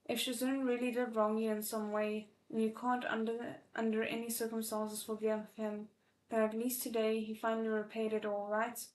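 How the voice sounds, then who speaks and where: A woman reading the lines of a firm young female disciple who scolds in a steady, stern way. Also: on the high side, moderate pace, lightly acted. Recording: echoey room.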